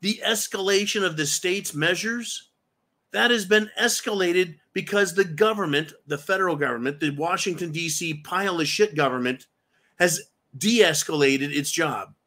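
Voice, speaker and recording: A man's voice: high-pitched, normal speed, bright, forceful tone. A man hosting a political commentary show, ranting angrily with heavy profanity and rhetorical questions. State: angry. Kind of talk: angry political commentary monologue.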